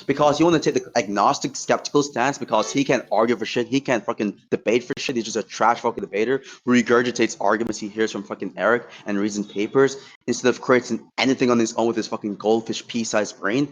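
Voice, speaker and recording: A man's voice: mid-range voice, quick pace, few pauses, muffled recording. A man debating heatedly in an online voice chat. He swears freely and trash-talks his opponent while laying out his points step by step. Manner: combative, profane trash talk.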